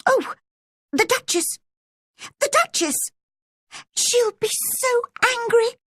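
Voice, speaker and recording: A woman voicing a frantic male white rabbit who is late, squeaking in panic. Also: animated, takes it slowly, sharp tone, no room sound, clean studio sound, exaggerated voice. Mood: panicked.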